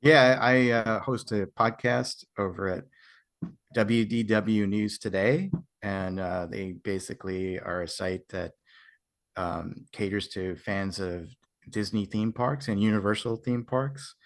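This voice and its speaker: An American man guests on a casual podcast, stumbling into his sentences with hesitant restarts. His voice sits a little low in pitch. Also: fairly even intonation, slow. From United States.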